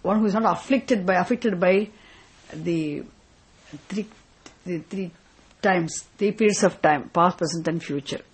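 A woman's voice: lowish voice, a little slow, long pauses, slightly rough, poor audio. A woman teaching a scripture class, asking questions, repeating her points and checking with "isn't it?". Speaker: spiritual teacher.

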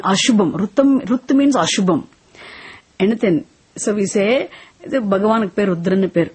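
Husky woman teaching Sanskrit. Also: medium pitch, darkish tone. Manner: slow deliberate explaining, switching into Tamil and chanting verses. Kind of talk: class lesson with call-and-response recitation.

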